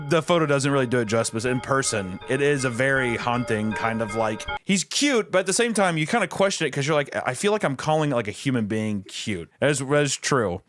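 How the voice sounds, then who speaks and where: A man's voice: medium pitch, a bit bright. A man hosting a podcast, riffing casually with crude, profane jokes and frequent laughter. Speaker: podcast host. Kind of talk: casual comedic chat.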